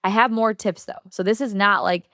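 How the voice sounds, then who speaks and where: A woman hosting a casual solo podcast, chatty and upbeat, filling her talk with "like" and quick laughs. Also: medium pitch, fairly even intonation, pushed and bright, no echo, clean studio sound. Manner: chatty, upbeat, heavy use of "like", laughs often. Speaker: podcast host.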